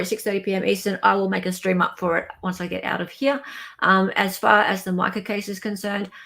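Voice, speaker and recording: A woman's voice: medium pitch, vocal fry, a bit bright. A woman hosting a livestream, giving loose, meandering updates to her viewers in casual chat. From Australia. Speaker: livestream host.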